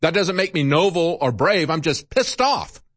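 A man's voice: a little high, sing-song, normal speed, a bit bright, dry recording. An older man hosting a political talk show, delivering a combative, indignant monologue with a dry, close studio sound.

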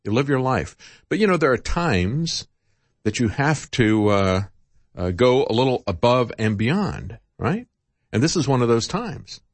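An older male talk host rants with combative indignation, his pitch swinging widely as he hammers his points. The sound is dry and close, with no room around it. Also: big pitch swings, measured pace, dry recording. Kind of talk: political talk monologue.

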